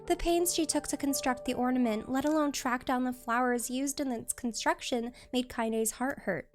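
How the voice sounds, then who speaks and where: A woman streamer reading a novel aloud in steady storybook narration. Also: high-pitched, moderate pace, faint music behind.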